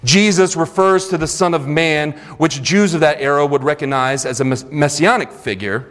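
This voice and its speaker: A man's voice: fairly high pitch, moderate pace, fairly bright tone. A man preaching a sermon in a church sanctuary, retelling scripture earnestly with conversational asides. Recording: long reverb of a large hall.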